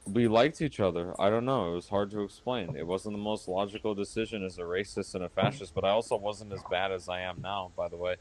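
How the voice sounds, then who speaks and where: A low-pitched man from Florida runs a heated live-stream call with a drink in hand. He rambles, circles back, repeats himself and turns combative. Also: fairly even intonation, brisk, hardly any pauses. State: drinking while talking.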